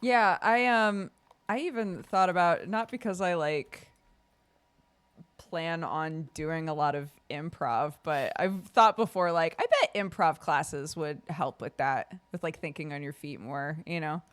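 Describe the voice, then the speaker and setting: A woman co-hosting a podcast, chatting in a relaxed, encouraging way. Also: sits low, unhurried, clean tone. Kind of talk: casual chat.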